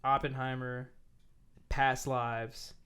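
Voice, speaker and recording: A man's voice: mid-range voice, level tone, slow, pushed and bright, clean tone. A young man co-hosting a podcast, telling a rambling story with sarcastic asides. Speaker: podcast co-host. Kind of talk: casual podcast chat.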